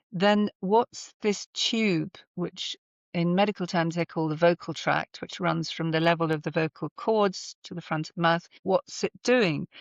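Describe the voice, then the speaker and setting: A woman's voice: lowish voice, no echo. A woman, a voice therapist, explaining her work thoughtfully with examples in a conversational interview. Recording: slightly dull remote audio.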